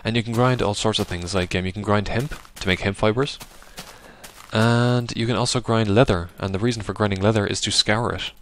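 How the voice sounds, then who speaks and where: A man giving rambling, casual let's-play commentary over a game, now and then yelping loudly at what happens. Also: fairly low pitch, steady tone, brisk. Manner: chatty, rambling, bursts into loud yelps at the game. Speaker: gaming video host.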